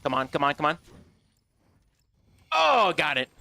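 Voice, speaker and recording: A man's voice: a little high, huge pitch swings, a little slow, vocal fry, pushed and bright, no room sound. A man streaming a game live, chatting brashly with his viewers, swearing and joking as he plays. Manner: brash, profane, joking, talks straight to chat. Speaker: gaming streamer. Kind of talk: casual livestream chatter.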